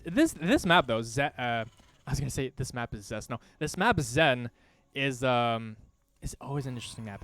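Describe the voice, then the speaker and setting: A man casting a strategy game replay with animated, chatty, self-deprecating commentary, often thinking out loud. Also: mid-range voice. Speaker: esports caster.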